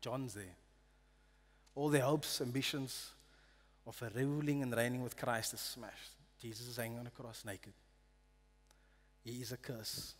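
A man preaching a sermon in a church hall, reading scripture earnestly and dropping to a hush on solemn lines. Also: medium pitch, fairly even intonation, unhurried, long pauses. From South Africa. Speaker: pastor.

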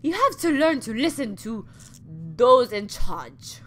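Bossy scolding man who runs the ward, a lady doing the voice, bright and lively. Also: fairly high pitch, takes it slowly, exaggerated voice. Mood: stern. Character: stern adult male hospital orderly.

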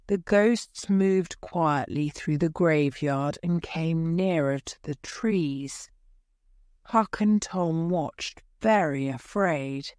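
A woman narrates a storybook in a very slow, deliberate way for language learners. Her voice sits low and is captured close and dry, with no room sound. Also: a little mellow, no echo. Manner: clear, deliberate. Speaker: story reader.

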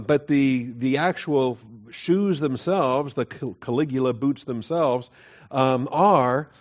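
Man teaching a hesitant Bible class. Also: a little high. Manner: conversational, hesitant fillers, quiet chuckles, quizzes the class. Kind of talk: doctrine class lecture with questions. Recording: dull lo-fi class recording.

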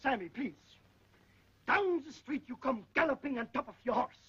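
An actor playing an excitable film director who shouts orders and mangles his English, with a raspy voice. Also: very high voice, normal speed, heavily acted. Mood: bossy. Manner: shouting, fussy, broken English. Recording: dull old film soundtrack with music.

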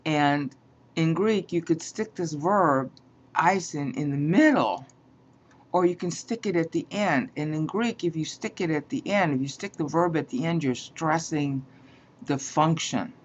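Woman Bible teacher, slow and pedantic, repeats herself to drive points home, muffled lo-fi audio. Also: sits low, slight background noise. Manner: pedantic, repeats points, checks in with "all right?". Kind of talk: slow explanatory lecture. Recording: dull lo-fi sound.

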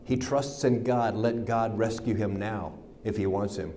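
A man with an American accent preaching a sermon, reading scripture aloud, mimicking the mockers' sneering taunts and dropping low and soft for Jesus' words. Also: fairly even intonation, unhurried, a little hiss or hum. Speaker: pastor.

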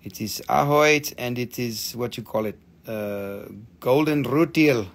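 A man's voice: medium pitch, a little slow. A man hosting a live crystal sale in a casual, chatty way, swearing freely and reading out viewer comments. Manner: stops to count and name items as he shows them. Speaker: live-stream crystal seller. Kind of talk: casual live sales chat.

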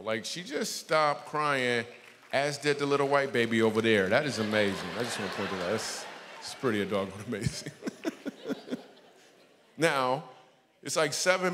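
A man giving a guest sermon as a comedian, telling stories in an animated, jokey way that turns hushed and earnest. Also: lowish voice. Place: large church auditorium. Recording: long reverb from a big hall.

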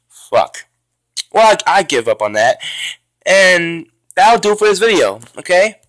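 A man's voice: high-pitched, sing-song, measured pace, a bit bright, no echo. Frustrated young man swearing at a game. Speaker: gaming YouTuber. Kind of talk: raging gameplay commentary.

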